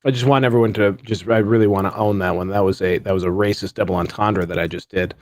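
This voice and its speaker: A man's voice: lowish voice, steady tone, fast talker, no echo. A man co-hosting a podcast in casual chat, rambling with many fillers and restarts. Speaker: podcast co-host.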